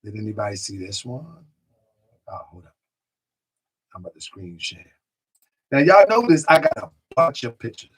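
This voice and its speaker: A man's voice: medium pitch, big pitch swings, moderate pace, long pauses, breathy edge. A man hosting a live stream, chatting casually, reading out viewer comments and often repeating himself. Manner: talks to chat directly, repeats himself, drifts off mic.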